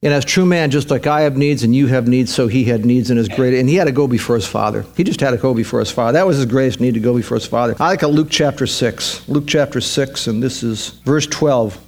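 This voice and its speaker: A man's voice: medium pitch, fast, hardly any pauses, darkish tone. A man preaching a sermon as pastor, talking emphatically with lots of repetition.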